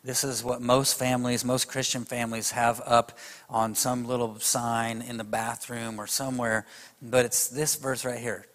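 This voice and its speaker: A man's voice: mid-range voice, flat delivery, normal speed, a bit bright, big-room sound. A man preaching a sermon, emphatic and speaking straight to his audience. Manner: emphatic, addresses the audience directly.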